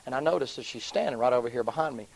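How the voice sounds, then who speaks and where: A man preaching, telling a story in a sermon. He swings from hushed, low passages to loud, high, excited ones. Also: racing, creaky, low-quality recording.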